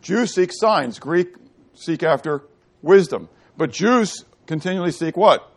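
A middle-aged man preaching a sermon, asking the congregation questions and answering them himself, moving between loud and quiet delivery. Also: fairly high pitch, lively intonation, measured pace. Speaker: pastor. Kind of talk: sermon teaching.

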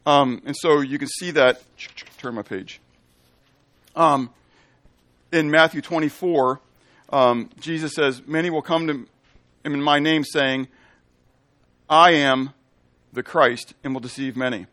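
A man's voice: a little high, measured pace, pauses often, fairly bright tone, dry recording. A man preaching a teaching sermon in a conversational way, often checking in with "okay?" and explaining Hebrew and Greek terms. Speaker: pastor.

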